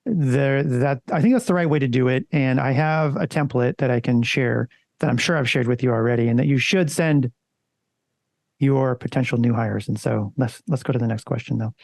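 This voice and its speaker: A man's voice: medium pitch, normal speed, gravelly, no room sound. A man co-hosting a casual podcast, talking loosely and conversationally and swearing now and then. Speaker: podcast co-host.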